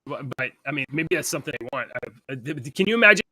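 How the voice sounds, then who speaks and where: A man's voice: a little high, lively intonation, racing, noisy background. A man co-hosting a podcast in casual chat, rambling and chatty, laughing between points. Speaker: podcast co-host.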